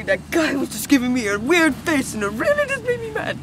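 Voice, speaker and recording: A woman in a silly comedy skit, melodramatic and whiny, swinging between yelling and muttering. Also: sits high, wildly swooping pitch, fairly quick, few pauses, noisy background. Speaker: comic vlogger.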